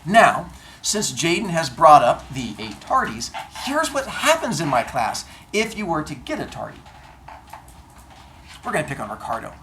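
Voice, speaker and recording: A man teaching his class, spinning a comic tale with deadpan exaggeration. His pitch leaps and swoops freely as he tells it. A faint hum of classroom noise sits under his voice. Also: moderate pace. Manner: animated storyteller, acts out exchanges in comic voices. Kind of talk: classroom talk to students.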